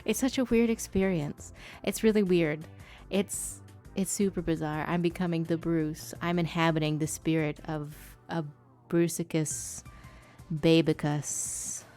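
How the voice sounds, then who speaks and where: Young woman, streamer, very low pitch, rambling chatty talk, faint music behind. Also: fairly even intonation, unhurried, a little mellow. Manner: rambling, chatty, laughs often, frequent fillers. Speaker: art streamer. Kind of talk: casual chat while painting on stream.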